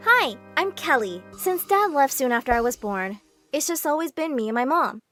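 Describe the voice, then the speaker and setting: A woman narrating a first-person animated story in a brisk, expressive way. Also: high voice, faint music behind.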